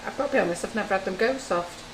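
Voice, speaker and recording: A woman's voice: medium pitch, very fast, reverberant, background noise. A woman hosting a live baking demonstration, chatting, telling stories and teasing her viewers as she works. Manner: chatty, jokey storyteller who teases viewers. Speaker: baker demonstrating on a livestream. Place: home-style kitchen studio.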